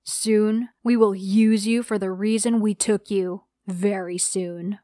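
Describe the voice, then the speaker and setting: A woman's voice: medium pitch, steady tone, slow, warm tone, no echo, clean studio sound, close to an everyday voice. A woman doing a monstrous kidnapper dad. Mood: threatening. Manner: monstrous threatening tone. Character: menacing male kidnapper posing as father.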